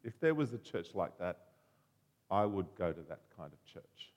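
A man voicing a gruff, blunt male cafe owner. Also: low-pitched, sing-song, moderate pace, a little mellow, big-room sound, voice pushed down.

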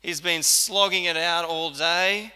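Aussie pastor preaching casual-style, super bright voice, big echoey hall. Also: male voice, high voice, fairly even intonation, slow pace, clear, resonant tone. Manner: conversational preaching, acts out quoted lines. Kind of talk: sermon. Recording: church hall reverb.

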